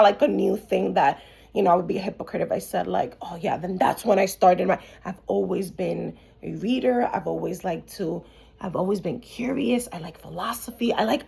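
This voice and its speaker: A woman with a medium-pitched, gravelly, slightly rough voice hosts a podcast, sharing her own story candidly. She talks in a chatty way, full of "like" fillers and restarts.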